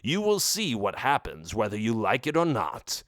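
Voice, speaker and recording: A man's voice: mid-range voice, huge pitch swings, a bit bright, no room sound, clean studio sound. A man voicing a scheming male skeleton chief of an undead army, sinister and gloating in an audiobook for children. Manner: sinister, gloating, with slow deliberate threats.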